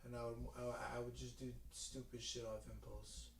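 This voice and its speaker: A man's voice: medium pitch, flat delivery, moderate pace, vocal fry, far from the mic, a little hiss or hum. Laid-back man in a roomy space. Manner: laid-back, filler-heavy. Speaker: podcast guest. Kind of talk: casual podcast chat.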